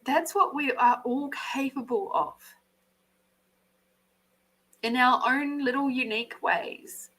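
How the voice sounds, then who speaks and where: An Australian woman hosting a live card reading, animated, swearing freely and laughing often. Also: on the high side, rough recording. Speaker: intuitive card reader, podcast host.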